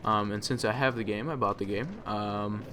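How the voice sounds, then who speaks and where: Rambling low-voiced gaming host. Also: male voice, fairly even intonation, normal speed, fairly bright tone, slight background noise. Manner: rambling, with many ums and uhs. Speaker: let's play host. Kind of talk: casual gameplay commentary.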